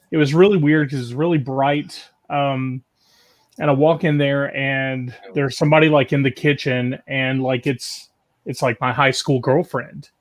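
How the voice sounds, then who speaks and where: A man telling a long story in a loose, casual way, full of "like" and restarts, from a video call. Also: mid-range voice. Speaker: guest caller.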